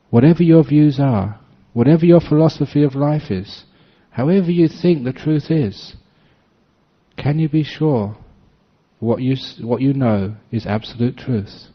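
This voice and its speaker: A man's voice: mid-range voice, slightly rough. A man speaking as a Buddhist monk in a dharma talk, telling anecdotes and often laughing. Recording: dull lo-fi recording.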